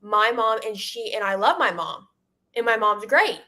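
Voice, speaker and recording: A young woman co-hosting a live chat show over a video call, chatty, self-deprecating and quick to laugh. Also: fairly high pitch, lively intonation, bright, forceful tone. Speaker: co-host. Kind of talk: casual live-stream chat.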